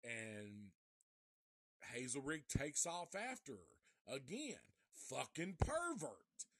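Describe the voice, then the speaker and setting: Profane, slow-talking man retelling a movie. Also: mid-range voice, slightly rough, dry recording, clean studio sound. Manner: profane, animated storytelling. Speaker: movie reviewer. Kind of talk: live casual movie review, retelling the plot.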